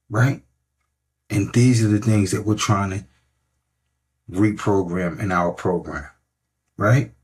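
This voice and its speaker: Husky low-voiced male fitness coach. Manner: emphatic and repetitive, keeps checking in with "right?". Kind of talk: motivational podcast talk.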